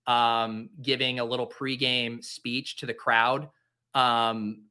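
A man's voice: medium pitch, little pitch movement, slow pace, sharp tone, clear, resonant tone. A man in his late twenties, a podcast host from the Boston area, giving casual live commentary, rambling, joking and breaking into theatrical, self-pitying rants.

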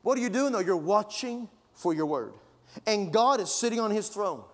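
A man's voice: high-pitched, sing-song, normal speed. A man preaching a sermon as pastor, fervent and conversational, pushing his emphasis upward. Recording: long reverb of a large hall.

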